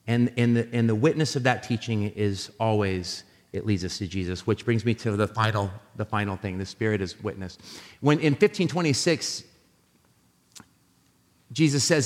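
A man preaching a sermon as a pastor, telling animated, jokey stories with many restarts. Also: fairly low pitch, a little slow, long pauses. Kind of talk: sermon with storytelling. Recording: live sermon in a reverberant hall.

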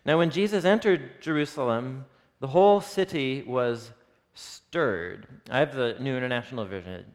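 Speaking at a moderate pace in a mid-range voice, an animated man teaches scripture to a live audience. He reads verses aloud, unpacks them, and puts questions to the group, all echoing with a hall's long reverb.

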